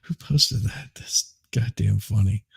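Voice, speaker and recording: A man's voice: on the low side, takes it slowly, creaky, breathy edge, no room sound. A man hosting a live stream, rambling casually and chuckling as he reads chat. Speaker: livestream host.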